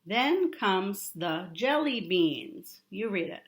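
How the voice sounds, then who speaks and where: A woman teaching a young child a remote lesson, drawing out words and repeating them with steady encouragement. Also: mid-range voice, roomy sound. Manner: slow, drawn-out, encouraging teacher talk with repetition.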